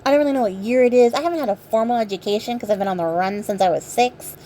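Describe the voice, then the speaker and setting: A woman's voice: fairly high pitch, rapid-fire, mellow, a little hiss or hum, natural voice. A woman voicing a naive, confused young princess in a casual fairy-tale retelling, airy and breezy.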